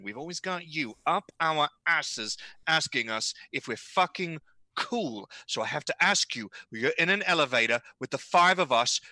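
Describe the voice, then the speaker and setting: A man voicing his character in a whispered role-play, freaking out in a hushed, furious "mom whisper.". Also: on the high side, dry recording, exaggerated voice. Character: adult man, angry player character hissing threats.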